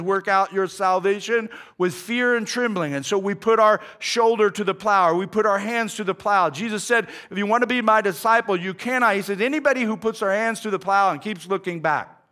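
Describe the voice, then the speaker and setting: Pastor, male, high-pitched, relaxed sermon delivery full of "man" and restarts. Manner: casual preaching, says "man" often, many restarts.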